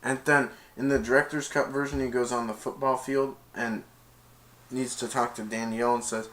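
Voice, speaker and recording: A man casually retelling a movie's plot in a rambling, excitable way, acting out the lines. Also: mid-range voice, normal speed. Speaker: movie reviewer.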